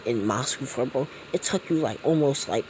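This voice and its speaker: A man's voice: mid-range voice, animated, normal speed, darkish tone, a little hiss or hum, rough recording. A man casually retelling a fan story, rambling and slangy with many fillers.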